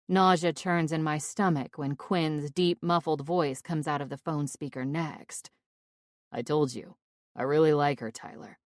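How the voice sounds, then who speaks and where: A woman with a low-set voice reads a first-person romantic comedy, leaning into exasperation and sarcasm. The recording is dry and close, with no room around her. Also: no room sound. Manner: expressive, exasperated. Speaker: audiobook narrator. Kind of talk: first-person audiobook narration.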